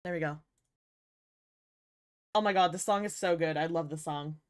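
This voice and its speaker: A woman's voice: sits low, moderate pace, dry recording, studio quality. A young woman VTuber chatting casually with her viewers, playful and giggly, teasing them and swearing often, a little tired. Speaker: VTuber streamer. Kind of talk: casual livestream chat with viewers.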